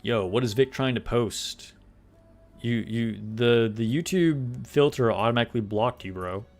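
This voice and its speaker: A relaxed young man chats with his stream audience as he plays, laughing easily and talking through the game. His voice sits mid-range into a desk mic, with soft game music underneath. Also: mid-range voice, unhurried. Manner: relaxed, chatty, laughs often, talks to chat. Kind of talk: casual live-stream chat. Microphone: desk microphone.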